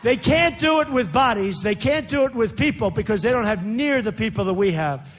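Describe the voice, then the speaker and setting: A man's voice: high voice, animated, a little fast, fairly bright tone. Older man with a New York accent at a rally. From United States. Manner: repetitive, boastful, conversational asides to the crowd. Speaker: candidate speaking at a rally. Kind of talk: campaign rally speech. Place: large indoor rally venue.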